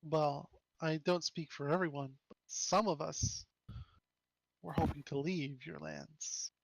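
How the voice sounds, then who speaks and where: A male player speaking in character in a hesitant, polite way, with many false starts. His voice is fairly high and gravelly, and his pace is slow. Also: fairly even intonation, no echo, rough recording. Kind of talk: in-character role-play.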